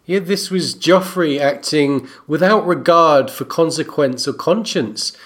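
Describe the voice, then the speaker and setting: A man co-hosting a book discussion podcast, narrating and analyzing in a steady way. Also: fairly high pitch. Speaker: co-host.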